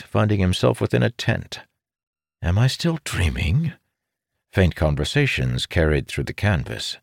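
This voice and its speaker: A man narrating a fantasy story in a measured, steady way. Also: sits low, vocal fry, no room sound, studio quality. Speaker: audiobook narrator. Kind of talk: scripted narration.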